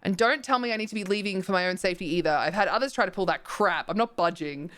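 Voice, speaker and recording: A woman voicing a grumpy, territorial old echo spirit who talks in a brisk, scolding, stubborn way. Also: medium pitch, fairly bright tone, natural voice. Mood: irritated.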